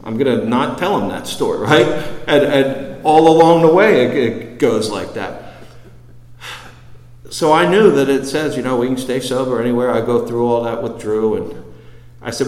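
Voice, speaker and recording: A man sharing a personal recovery story with a group, rambling, full of quick asides. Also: mid-range voice, a little mellow. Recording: echoey hall.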